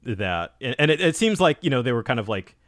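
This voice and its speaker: A man's voice: medium pitch, brisk, dry recording, clean studio sound. A man co-hosting a podcast, chatting casually about a manga, laughing easily and using plenty of fillers. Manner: animated, laughs a lot, lots of fillers. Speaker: podcast co-host. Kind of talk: casual chat recapping a manga.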